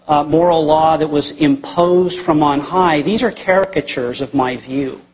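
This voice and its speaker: A man answering an audience question in a formal debate, arguing in a deliberate way and pausing with fillers. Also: on the high side, husky, poor audio.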